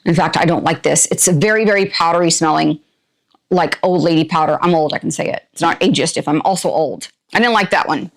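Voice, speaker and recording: A woman's voice: sits low, brisk. Chatty woman in a put-on drawl. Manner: talks to viewers while opening items. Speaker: product reviewer. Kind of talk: casual unboxing review.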